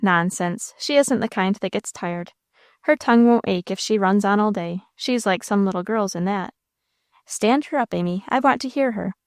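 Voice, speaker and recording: A woman's voice: medium pitch, normal speed, no room sound, studio quality, natural voice. A woman reading as a brusque, folksy storybook father. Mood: hearty. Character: blustery doll-making father, impatient.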